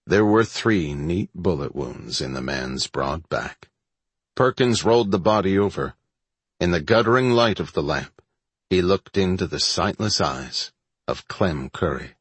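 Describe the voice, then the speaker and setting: Deep, husky male audiobook narrator. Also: animated, measured pace, fairly bright tone, dry recording. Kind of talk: scripted narration.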